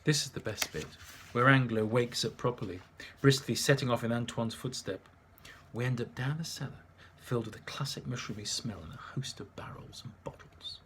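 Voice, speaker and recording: A man's voice: mid-range voice, normal speed, fairly bright tone, slight background noise. A man narrating his memoir in a dry, wry manner.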